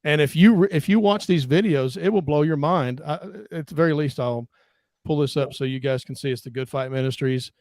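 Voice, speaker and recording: A man's voice: a little high, a little fast, no echo, studio quality. A man on a casual online panel, talking animatedly and groping for names as he goes. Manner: animated, acts out quotes, gropes for names. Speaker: ministry discussion panelist.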